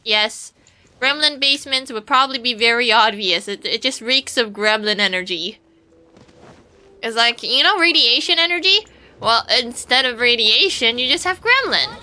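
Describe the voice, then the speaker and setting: Bright-voiced woman streaming a game. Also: fairly high pitch, animated, normal speed. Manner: playful, rambling, chatting with viewers, swearing. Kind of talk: casual gameplay commentary.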